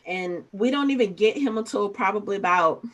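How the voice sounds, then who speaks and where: A woman with a mid-range voice talks through a show episode in a relaxed podcast chat. She slips into quoted lines with rising emphasis. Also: mid-range voice, moderate pace. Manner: retells scenes, quoting characters with rising emphasis. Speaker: podcast co-host. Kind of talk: casual recap chat.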